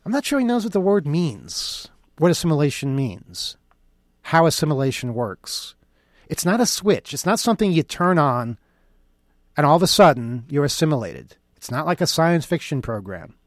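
A man's voice: fairly high pitch, big pitch swings, moderate pace, no echo, studio quality. Sarcastic man delivering a commentary. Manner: sarcastic, mocking. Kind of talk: opinion monologue.

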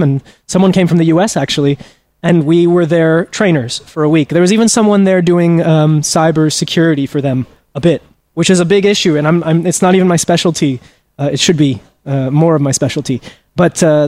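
A man's voice: a little high, darkish tone, no room sound. A man being interviewed as a journalism trainer, telling a story earnestly with frequent restarts.

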